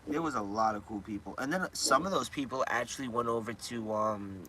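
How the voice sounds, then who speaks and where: A man talks briskly on a live stream in a medium-pitched voice that's bright and forceful, with slight background noise. His casual chat rambles, full of restarts, and he chuckles now and then while retelling scenes.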